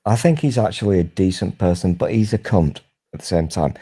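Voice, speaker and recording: Male host, 40s, low warm voice, rambling sweary banter. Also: lively intonation, brisk, slightly rough. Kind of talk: casual chat.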